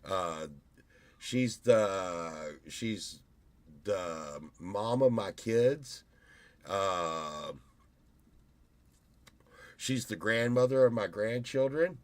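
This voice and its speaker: A man's voice: on the low side, lively intonation, very slow, long pauses, dry recording. A man in his fifties, rambling through a casual vlog monologue and telling stories with many restarts. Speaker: YouTuber.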